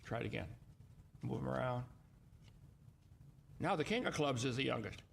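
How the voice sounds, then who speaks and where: A man's voice: mid-range voice, animated, moderate pace, creaky, a little hiss or hum. A man hosting a call-in show, lecturing in an emphatic, mocking way. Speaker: host. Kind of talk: argumentative call-in commentary.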